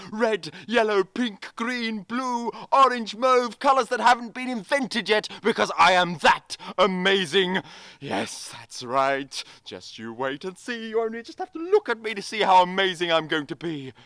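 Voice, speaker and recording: An actor playing a boastful, self-important firework rocket in an audio drama, with a pompous, theatrical manner. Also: male voice, sits high, pushed and bright, no echo, heavily acted, rough recording.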